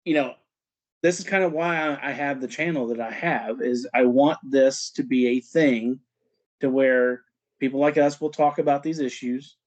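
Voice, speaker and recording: A male podcast host chats with his guest, often stopping and repeating words as he works toward his point. His voice sits at a middle pitch, and the audio is a bit dull. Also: moderate pace. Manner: hesitant, repeats words while building a point. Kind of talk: casual interview chat.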